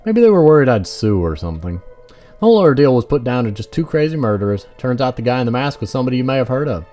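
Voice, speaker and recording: A man's voice: medium pitch, sing-song, quick pace, warm tone, faint music behind, pitched above the performer's own voice, lightly acted. A man voicing a sarcastic male protagonist who narrates his own story in a game. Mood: wry. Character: wary, sarcastic Irish-American man, stubborn.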